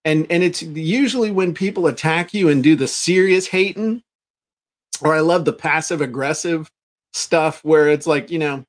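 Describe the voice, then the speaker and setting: A man co-hosting a casual business chat, animated and fond of acting out the people he talks about, often restarting his sentences. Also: fairly high pitch, normal speed. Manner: animated, acts out quoted people; frequent restarts and repeated words. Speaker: podcast co-host.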